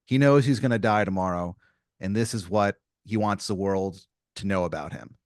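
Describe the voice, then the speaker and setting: A man's voice: sits low, moderate pace, no echo, clean studio sound. Rambling man setting up a bit. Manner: rambling, hesitant setup full of restarts. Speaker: podcast host. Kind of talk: improvised comedy podcast.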